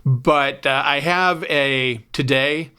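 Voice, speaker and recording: Joking male podcast host, bright voice. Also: medium pitch, slow pace, clear, resonant tone. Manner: joking, self-mocking. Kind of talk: casual chat. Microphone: studio microphone.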